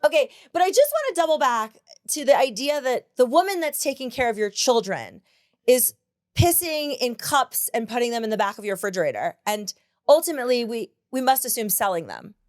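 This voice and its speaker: A woman's voice: a little high, very animated, fairly quick, a little mellow, dry recording, studio quality. A woman hosting a casual podcast chat, blunt and profane, laughing often. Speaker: podcast host.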